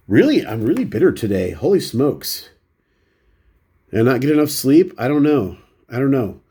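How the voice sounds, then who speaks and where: Here a medium-pitched, mellow male voice belongs to a baseball card vlogger whose nose is runny and stuffed up. He flips through a pile of cards, displaying them one by one while rambling casually and teasing himself.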